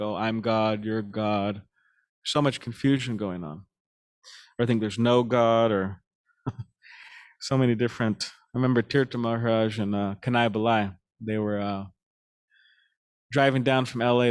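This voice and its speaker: A man leads a devotional class in a loose, conversational way. He stops and restarts often, fills pauses with ums, and his mid-range voice carries an easy chuckle through his stories. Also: mid-range voice. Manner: halting, with many fillers and restarts; chuckles while telling stories. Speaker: speaker giving a scripture class.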